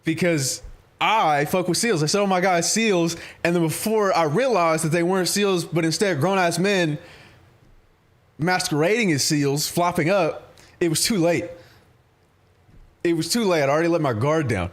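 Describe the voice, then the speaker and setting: On a casual livestream, a man with a slightly high voice talks with his viewers at a normal pace, pausing often. His stories wander, come loaded with swearing, and are punctuated by frequent laughter.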